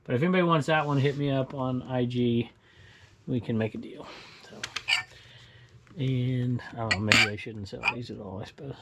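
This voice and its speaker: A man's voice: medium pitch, normal speed, long pauses, heavy background noise. A man selling items online, chatting casually and rambling as he walks through his storage bins, chuckling to himself now and then. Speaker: online reseller showing sold items. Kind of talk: casual vlog walkthrough. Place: indoor storage room with bins.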